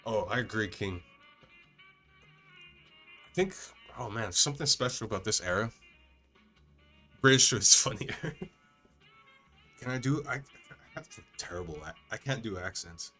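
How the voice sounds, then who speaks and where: A man's voice: on the low side, lively intonation, moderate pace, long pauses, pushed and bright, soft background music. A young man casually commentating a video game, laid-back, swearing and laughing a lot. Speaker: gaming streamer. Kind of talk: casual let's-play commentary.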